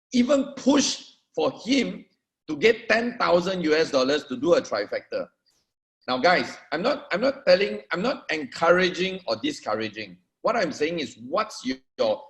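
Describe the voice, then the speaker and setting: A man's voice: a little high, a bit bright. Emphatic man coaching a sales audience. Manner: emphatic, addresses the audience directly with repetitions. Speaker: network marketing trainer. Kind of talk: motivational training talk.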